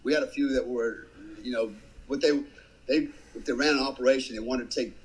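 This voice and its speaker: A man's voice: mid-range voice, fairly quick, rough recording. A man telling a casual war story as a podcast guest, swearing freely and acting out what others said. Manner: animated storyteller, acts out quotes, swears freely. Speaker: guest, former special forces soldier.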